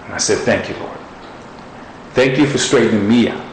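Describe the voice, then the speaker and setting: A man's voice: lowish voice, normal speed, a little hiss or hum. A man preaching a sermon in an earnest, conversational storytelling way. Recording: roomy echo with faint ambience.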